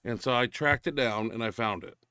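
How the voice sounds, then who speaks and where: A man's voice: medium pitch, a little fast, pushed and bright, clear, resonant tone, dry recording, studio quality. A man hosting a powerlifting show, rambling casually over lifting videos with restarts and filler.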